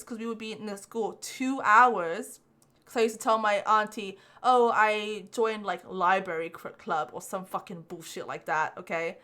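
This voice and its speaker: Bright-voiced young woman telling a story. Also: mid-range voice, normal speed. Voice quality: profane, animated storyteller. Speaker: podcast host. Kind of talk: casual storytelling chat.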